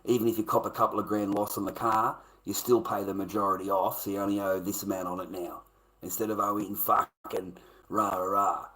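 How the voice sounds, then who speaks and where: An Australian man chatting on a livestream, swearing freely as he rambles and lectures his viewers. His voice sits low but sounds bright and forceful, and it jumps up into loud bursts when he gets worked up. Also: flat delivery, brisk, low-quality recording. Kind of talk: casual rambling livestream chat.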